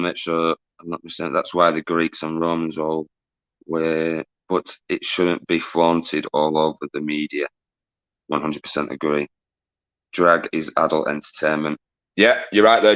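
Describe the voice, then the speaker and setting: A man hosts a casual livestream, reading viewer comments aloud and greeting people as they arrive. His voice sits deep and low but comes across bright and forceful. He talks loosely and swears now and then. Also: clear, resonant tone, rough recording.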